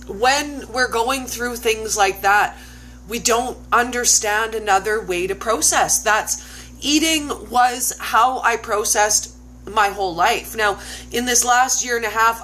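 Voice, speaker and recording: Woman host, warm-hearted chat, effusive and emphatic, bright tone, slightly high voice. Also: a little hiss or hum, rough recording. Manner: effusive, emphatic, repeats phrases. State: close to tears.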